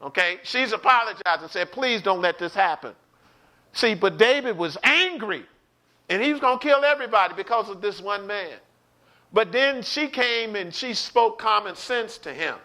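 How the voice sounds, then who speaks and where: A man's voice: high-pitched, expressive, moderate pace, pushed and bright. A man teaching an online Bible study sermon, preaching with animation, acting out quotes and speaking straight to his listeners.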